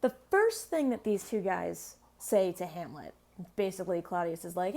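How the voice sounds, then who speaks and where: A woman's voice: fairly low pitch, very animated, normal speed, gravelly, a little mellow. A woman teaching in a casual explanatory lesson, chatty with sassy asides.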